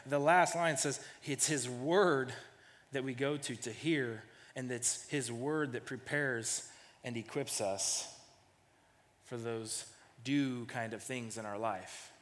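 A man's voice: mid-range voice, slow pace, a bit bright, big-room sound. A man in his thirties preaching a sermon in a casual storytelling way, often repeating the first words of a phrase. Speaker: pastor.

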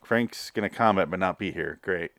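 A man's voice: low voice, moderate pace, fairly bright tone, no echo. A man co-hosting a podcast in casual chat, rambling, swearing casually and laughing often. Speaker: podcast co-host.

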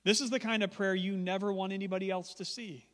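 A man's voice: high voice, little pitch movement, fast talker, a bit bright. A male pastor preaching a sermon in a church, conversational and emphatic with humorous asides. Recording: long church hall reverb.

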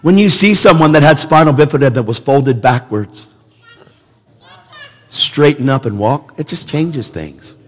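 A man's voice: fairly high pitch, expressive, unhurried. Emphatic male preacher in a reverberant hall. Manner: emphatic, conversational, repeats words for emphasis. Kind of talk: sermon. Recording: long reverb of a large hall.

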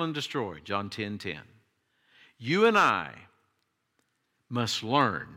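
A man preaching a sermon, emphatic, his voice jumping high when he quotes cries and pleas. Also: sharp tone. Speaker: pastor.

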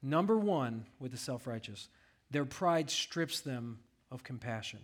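A man's voice: medium pitch, lively intonation, a little slow. A pastor preaching a sermon, reading scripture aloud and asking his congregation rhetorical questions.

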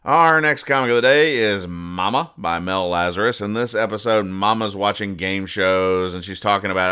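Deadpan male podcast host, low and bright, smooth delivery, walks through comic strips. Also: normal speed, hardly any pauses. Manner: deadpan, explains each joke. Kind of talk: casual comic-strip recap.

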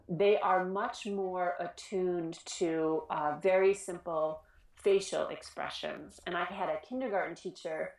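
A woman who works with children in schools, giving an informal talk on trauma, earnest and animated, often restarting her sentences. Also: on the low side, roomy sound. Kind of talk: informal educational presentation.

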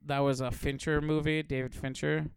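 A man co-hosting a casual podcast, an animated storyteller who laughs a lot and acts out loud quoted voices. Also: fairly high pitch, moderate pace, gravelly, clean tone, dry recording, clean studio sound. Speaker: podcast co-host.

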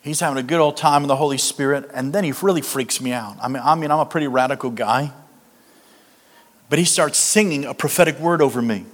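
A man's voice: mid-range voice, a little fast. Man preaching a funny story in a hall. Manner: animated storyteller, punchlines, acts out quotes. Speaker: preacher, guest speaker. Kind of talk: comedic sermon storytelling. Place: church hall, live audience. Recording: echoey hall, faint noise.

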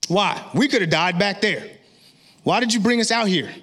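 Exasperated, accusing fleeing crowd, as a preacher acts it out. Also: male voice, sits high, animated, moderate pace, fairly bright tone, big-room sound. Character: frightened, angry crowd of fleeing people.

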